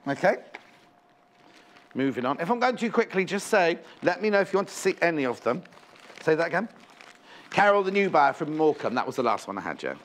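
A man's voice: fairly high pitch, very animated, fairly quick, long pauses, fairly bright tone. Bubbly man selling on live TV. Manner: chatty, bubbly, fussing over items on show. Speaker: shopping channel presenter. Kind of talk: live TV sales chat. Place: TV studio. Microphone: clip-on microphone.

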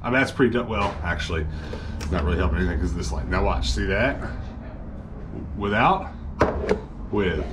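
A man's voice: sits low, animated, moderate pace, pauses often, heavy background noise. A man chatting casually in a home vlog, talking to camera and to a small child as he sets up game gear. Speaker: vlogger.

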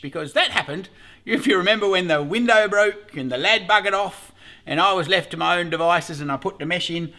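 A man's voice: fairly high pitch, pushed and bright. A middle-aged Australian man hosting a casual beekeeping vlog, rambling along, swearing freely and laughing often. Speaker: beekeeper host.

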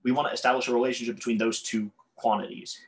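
A man's voice: mid-range voice, steady tone, fast talker. A man teaching a calculus lesson while drawing on a board, often stumbling over words and correcting himself. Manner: tongue-tied, self-correcting, apologetic asides. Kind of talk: whiteboard math lesson.

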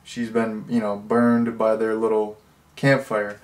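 A man casually reviewing a horror movie, rambling with lots of fillers and restarts, getting loud and incredulous when something amuses him. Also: lowish voice, little pitch movement, measured pace.

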